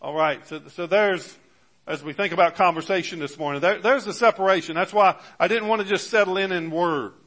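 A man's voice: sits high, a little fast, a bit bright. A man preaching a sermon as pastor, with emphatic rises on key words and many fillers and restarts. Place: church.

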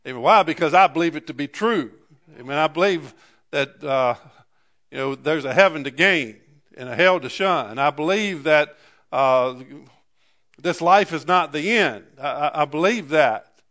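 Man, sermon, slightly high voice, stumbling restarts, rhetorical questions. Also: animated, fairly bright tone. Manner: halting, repeats words, asks congregation "Amen?". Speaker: preacher.

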